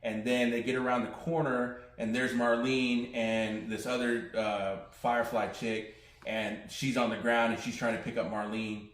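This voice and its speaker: A man co-hosting a casual podcast recaps a TV episode, loosely quoting its characters. His medium-pitched voice is flat and a bit bright, moving at a moderate pace, and the recording has a roomy echo.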